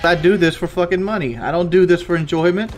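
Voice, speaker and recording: A man's voice: high voice, quick pace, loud music behind the voice. A man on a live stream talking bitterly and profanely about streaming for money. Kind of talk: stream commentary.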